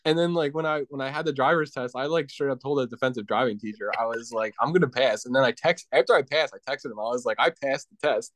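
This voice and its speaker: A man's voice: medium pitch, fast, hardly any pauses, slight background noise. A young man in casual chat, rambling through a story and laughing often as he talks.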